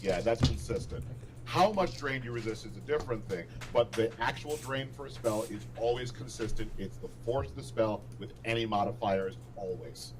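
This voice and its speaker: A man's voice: on the low side, normal speed, music in the background, low-quality recording. A man running a tabletop game as game master, explaining rules and narrating scenes, often laughing at his own descriptions.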